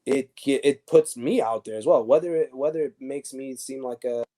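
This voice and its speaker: Mellow-voiced man telling stories, animated. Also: medium pitch, moderate pace. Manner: animated, many restarts and fillers. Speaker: former pro soccer defender, guest. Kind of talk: casual interview storytelling.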